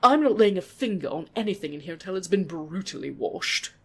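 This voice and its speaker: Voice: medium pitch, animated, fairly quick, breathy edge, pitched above the performer's own voice. A reader voicing a haughty vampire elf. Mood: disgusted. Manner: disdainful, fussy.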